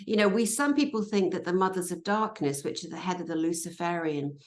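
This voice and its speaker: Emphatic woman, lowish voice. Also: a little fast. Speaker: co-host, medium. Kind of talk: casual chat.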